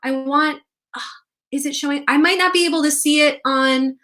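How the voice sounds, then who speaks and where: A young woman hosting a casual livestream, bubbly and excitable, reading out viewer comments and squealing with delight. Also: high voice, normal speed. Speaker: author and livestream host.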